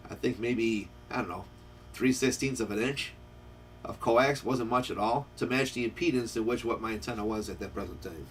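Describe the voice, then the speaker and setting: A man's voice: medium pitch, a bit bright, slight background noise. A man hosting a casual radio-shop chat, rambling through a story and acting out both sides of the dialogue. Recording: voice picked up from a distance.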